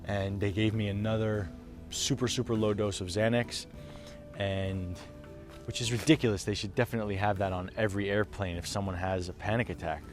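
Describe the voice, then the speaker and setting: A young man telling a raw, emotional story to camera as a vlogger, swearing freely, dropping to a hush and then rising loud. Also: lowish voice, flat delivery, a little fast, soft background music.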